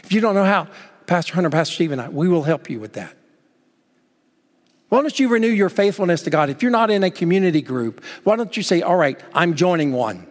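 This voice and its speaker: A man preaching a sermon as pastor, urging his listeners on and telling a story in lively acted quotes. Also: high voice, quick pace. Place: church sanctuary. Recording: long hall reverb.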